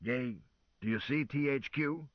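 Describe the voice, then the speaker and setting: A man voicing a dry, clipped male chief pilot with a husky voice. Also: mid-range voice, unhurried, dry recording, muffled recording, voice pushed up, natural voice.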